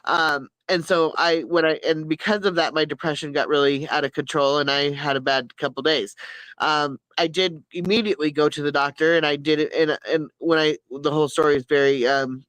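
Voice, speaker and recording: A woman's voice: low voice, steady tone, a little fast, a bit bright, no echo, poor audio. Middle-aged woman, candid live-stream chat, earnest and rambling, dry close mic. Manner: rambling, frequent restarts and self-corrections.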